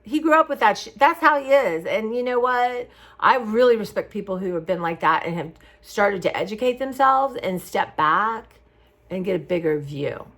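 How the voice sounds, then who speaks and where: A woman's voice: mid-range voice, lively intonation, moderate pace, fairly bright tone. A middle-aged woman talking casually and from the heart to her viewers in a rambling vlog. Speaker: craft vlogger. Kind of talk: casual chat to camera.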